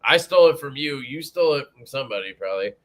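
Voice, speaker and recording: Profane, lively young man streaming. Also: mid-range voice, quick pace. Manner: profane, joking, greets chat viewers. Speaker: livestream host. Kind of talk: casual livestream chat.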